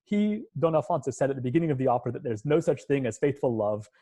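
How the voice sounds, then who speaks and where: This male music professor lectures online through a computer microphone on a video call, breaking scenes down step by step and occasionally humming melodies. His mid-range, dark-toned voice is very animated and moves at a quick pace.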